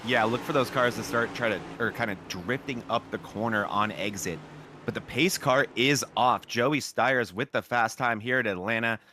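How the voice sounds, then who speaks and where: A man's voice: mid-range voice, normal speed, a little hiss or hum. A man doing lead commentary on a sim racing broadcast, upbeat and chatty, sometimes tripping over names.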